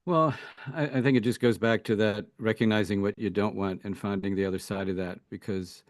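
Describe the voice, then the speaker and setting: A man's voice: on the low side, steady tone, brisk, no room sound, clean studio sound. A man speaking as a relationship coach guest in an interview, thinking aloud with many "you know"s and restarts. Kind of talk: casual interview talk.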